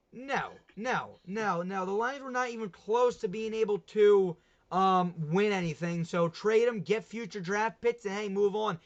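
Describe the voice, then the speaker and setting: A young man hosting a casual sports talk livestream, chatty and rambling, often laughing at himself. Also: sits high. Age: young adult. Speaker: livestream host. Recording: dull lo-fi stream audio.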